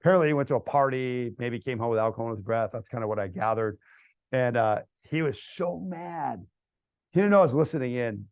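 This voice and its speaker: A middle-aged American man speaking casually to a church group, telling stories that build to loud, animated outbursts. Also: mid-range voice, no echo. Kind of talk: casual storytelling talk to a group. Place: church hall event.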